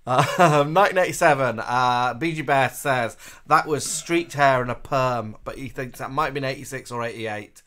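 A man co-hosting a relaxed livestream, reading out viewer names one after another. He has a casual, camp delivery and greets each viewer fondly. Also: medium pitch, moderate pace. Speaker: co-host of a livestream.

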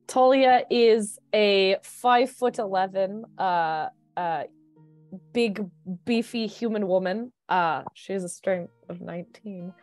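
A woman's voice: medium pitch, slow, a little mellow, dry recording, faint music behind. A woman playing a tabletop game, playful and describing her character at length with many fillers. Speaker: player. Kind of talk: casual tabletop game chat.

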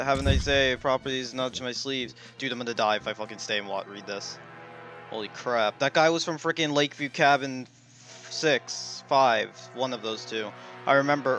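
Swearing, excitable young gaming host. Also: male voice, medium pitch. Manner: profane, excitable, rambling. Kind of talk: let's play commentary.

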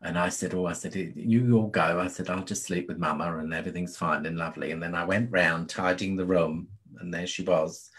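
Man from the UK, guest medium, very deep voice, soft, soothing, says "you see" a lot. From United Kingdom. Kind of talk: casual interview chat.

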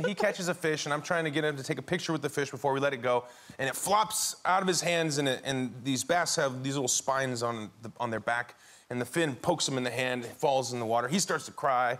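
A man's voice: medium pitch, fairly quick, a bit bright. A man, a chat show guest, telling a family anecdote with easy laughter. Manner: laughing storyteller, easygoing.

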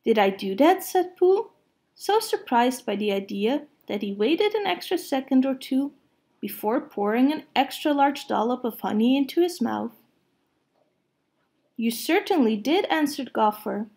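A woman reading a children's storybook aloud in a gentle, unhurried way. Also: sits high, lively intonation.

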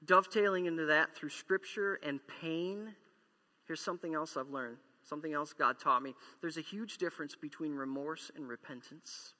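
A man's voice: fairly high pitch, sharp tone. Emphatic preacher man in a reverberant hall. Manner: emphatic, repeats key lines, acts out quoted apologies. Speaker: pastor. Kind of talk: sermon. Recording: long church hall reverb.

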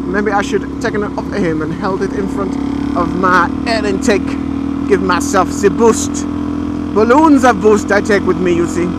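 A man putting on a hammy fake-French biker. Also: high voice. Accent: exaggerated fake French. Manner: hammy, playful, broken grammar. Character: mock-French biker man, boastful and silly. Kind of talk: motorcycle vlog commentary. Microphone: helmet-mounted action camera mic. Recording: loud wind and engine noise.

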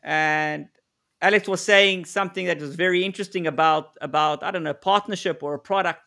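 Guy cohosting a live webinar, pretty high voice, tells stories, laughs a lot. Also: steady tone, fairly quick, gravelly, bright, forceful tone. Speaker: co-presenter, negotiation expert.

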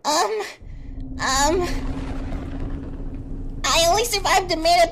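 A woman's voice: extremely high pitch, slow, pauses often, a bit bright, slight background noise. A young woman commentating a horror game as she plays, panicking and repeating words in a rush when scared. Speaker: gamer.

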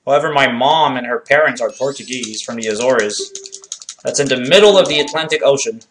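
A man's voice: medium pitch, brisk, noisy background. A man from Canada with a French Canadian accent, chatting casually with viewers while streaming a game, laughing easily and stuttering a little. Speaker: speedrunner streamer. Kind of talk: casual live-stream chat while playing.

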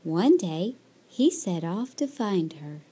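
A woman reading a children's picture book aloud, slowly and expressively. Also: lowish voice, sing-song, mellow, slightly rough. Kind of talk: storybook read-aloud.

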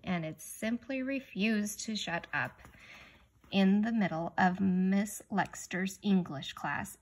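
A woman reading a children's chapter book aloud, stopping now and then to ask young listeners gentle questions. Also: lowish voice, vocal fry. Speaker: reader.

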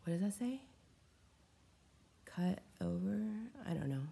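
A woman with a low, deep-set voice chats casually through an unboxing of craft supplies at home. She gushes and wanders from thought to thought, coughing now and then and sounding a little short of breath. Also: lively intonation, unhurried, creaky, pauses often, dark tone, a little hiss or hum. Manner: chatty and scattered, gushing over small items. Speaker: craft vlogger opening fan mail. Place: at home in her living room.

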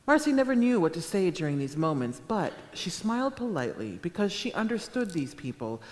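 A woman author reading her own fiction aloud at a public event, with a measured, deadpan delivery. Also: fairly low pitch. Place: town hall auditorium with a live audience. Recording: echoey live hall sound.

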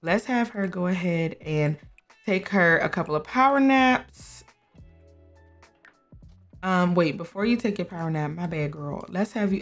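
A woman's voice: lowish voice, expressive, unhurried, pauses often, faint music behind. A young woman chatting through a life sim game, talking to her characters and laughing often. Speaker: gameplay streamer. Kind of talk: casual gameplay commentary.

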